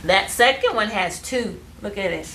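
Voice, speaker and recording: Teacher, woman, patient prompting, mid pitch, recorded far from the mic in a reverberant room. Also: animated, normal speed, a bit bright. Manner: patient, prompting students, restarting phrases. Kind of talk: classroom phonics lesson. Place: classroom. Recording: roomy, distant, faint background noise.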